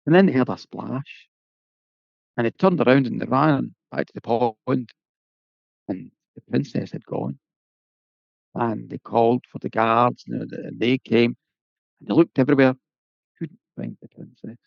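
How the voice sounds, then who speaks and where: A man's voice: mid-range voice, a little slow, gravelly, pauses often, no room sound. A man telling a folk tale in a lilting, conversational way with folksy asides. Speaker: storyteller. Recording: dull lo-fi, dry.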